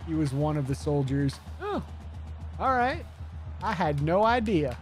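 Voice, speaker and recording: A man's voice: fairly high pitch, big pitch swings, unhurried, faint music behind. A man streaming live, chatting casually, rambling and swearing as he answers his chat.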